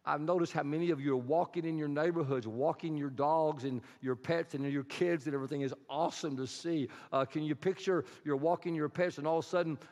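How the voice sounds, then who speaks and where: High-voiced pastor preaching in a hall. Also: male voice, fairly quick, few pauses. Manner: storytelling, animated, rising to emphasis. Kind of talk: sermon. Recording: long hall reverb.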